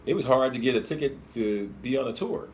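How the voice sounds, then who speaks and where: A man's voice: mid-range voice, lively intonation, a little fast, noisy background. A man co-hosting a political talk show, blunt and critical in his opinions. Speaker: co-host.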